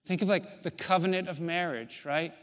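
A man preaching a sermon in a church, measured, with long pauses, building to emphatic stretches. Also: a little high, steady tone, a bit bright. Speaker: pastor. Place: church sanctuary.

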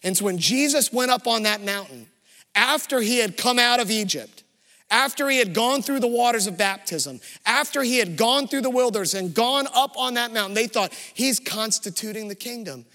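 A man preaching a sermon as pastor, telling stories in a lively way. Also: very high voice, normal speed, big-room sound.

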